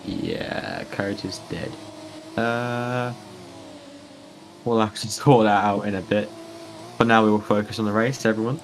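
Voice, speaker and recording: A man's voice: on the low side, steady tone, a little slow, pauses often, slight background noise, low-quality recording. A man, commentating a sim racing stream in a casual, joking manner. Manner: joking, playful, chatty with chat.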